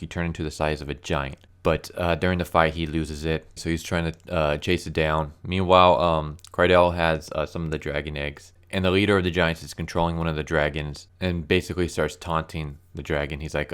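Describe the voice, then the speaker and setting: A man's voice: a bass voice, fairly even intonation, moderate pace, hardly any pauses, fairly bright tone, clean tone. A young man casually reviewing a comic book issue, rambling with lots of fillers and restarts.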